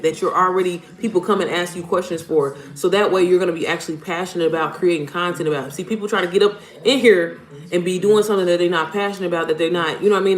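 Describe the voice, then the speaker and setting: A woman with a fairly low voice, a livestream host and business coach for moms, chats bluntly with her audience, swears without fuss, and says "y'all." It's a roomy home stream with faint music behind her.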